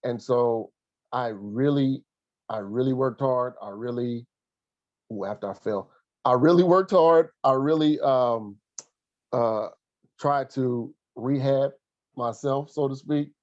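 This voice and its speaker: Earnest male interviewee, halting delivery with fillers, medium pitch, dry slightly muffled sound. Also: darkish tone, dry recording. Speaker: guest, former college athlete and coach. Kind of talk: reflective interview storytelling.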